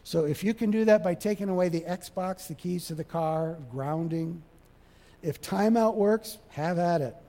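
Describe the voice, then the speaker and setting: A man preaching a sermon, animated, acting out little dialogues and swinging from loud to soft. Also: sits high, a little slow. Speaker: pastor. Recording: long hall reverb.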